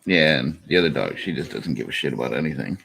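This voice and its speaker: A man's voice: a bass voice, animated, quick pace, creaky, fairly bright tone, breathy edge. A man streaming casually from home, chatting with viewers, laughing often and slipping into baby talk for his puppies. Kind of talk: casual live stream chat.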